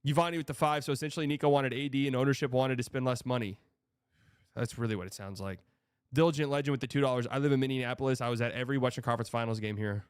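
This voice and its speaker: A man's voice: mid-range voice, fairly even intonation, racing, clear, resonant tone, no room sound, clean studio sound. A young man hosting a casual sports livestream, reading out donations and rambling with exasperated, profane reactions. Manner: exasperated, rambling, swearing, reads donor messages aloud.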